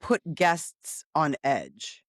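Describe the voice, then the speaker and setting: A woman co-hosting a podcast, teasing her partner and acting out what people say. Her pitch swings widely, and the sound is dry and close to the mic. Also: big pitch swings, drawn-out words, breathy edge, dry recording. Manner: teasing, acts out quotes in voices. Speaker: podcast co-host. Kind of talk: casual chat.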